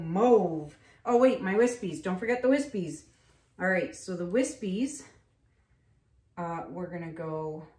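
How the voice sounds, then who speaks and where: A woman in her thirties talks her way through an acrylic pour painting session, chatty and rambling, full of "anywho" and "um". Her voice sits at an ordinary pitch and bounces around an echoey room. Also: a little mellow. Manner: chatty, rambling, with frequent fillers. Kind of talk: casual painting tutorial with storytelling.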